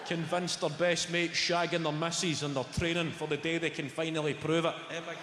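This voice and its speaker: A Scottish man delivers stand-up comedy with brash, sweary storytelling and a high-pitched voice. He is recorded on a stage in a big hall with long reverb. Loud audience noise fills the space behind him. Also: flat delivery, fairly quick. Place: large venue stage. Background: audience laughter.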